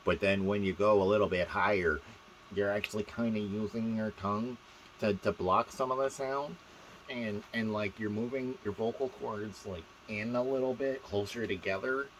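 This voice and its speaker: A man's voice: fairly even intonation, moderate pace, a little hiss or hum, poor audio. A man in a casual vlog talking about his own voice, rambling with restarts and showing off how he shifts it. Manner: demonstrates voices, shifting pitch and placement; rambling, with restarts and filler words.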